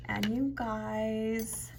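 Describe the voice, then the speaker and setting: A woman's voice: a little high, level tone, drawn-out words, a little mellow, a little hiss or hum. A woman showing off jewelry beads in a casual vlog, chatty and gushing, often dropping to a whisper. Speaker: jewelry bead reviewer. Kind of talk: casual show-and-tell vlog.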